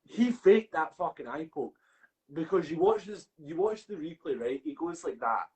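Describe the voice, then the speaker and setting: A man's voice: on the high side, animated, normal speed, a little mellow, poor audio. A Scottish man co-hosting a podcast in casual chat, swearing a lot and ranting with heat. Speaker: podcast co-host.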